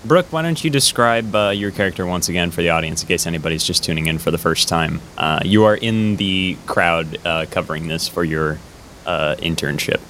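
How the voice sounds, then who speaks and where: A man with a fairly low voice narrates a tabletop game as game master. He sets scenes in a relaxed way, often stopping on fillers. Faint ambient noise runs underneath. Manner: relaxed, with frequent filler pauses.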